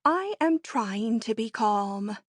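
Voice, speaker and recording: A woman's voice: fairly high pitch, steady tone, dry recording, clean studio sound. A woman voicing a frightened, timid matron. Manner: slow, faint and shaky. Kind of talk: audiobook character voice.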